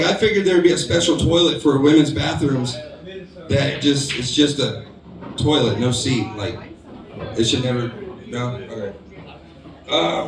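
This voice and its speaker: A man works a bar crowd with a stand-up set, drifting from bit to bit with fillers and crude punchlines. His voice sits a little high and comes from some way off the mic. The room rings around him while the crowd murmurs and laughs behind. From United States. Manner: loose, rambling delivery with filler words and crude punchlines. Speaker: stand-up comedian. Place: bar stage before a live audience. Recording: roomy bar recording from a distance, crowd heard.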